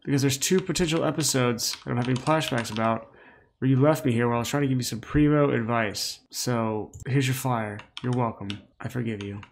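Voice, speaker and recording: A tired man talks over a relaxed video game playthrough as the host. He is sassy and rambling, with joking asides, and his voice sits at an average pitch. Faint noise is heard behind him. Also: fairly quick, vocal fry. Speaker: let's play host. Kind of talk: relaxed gameplay commentary.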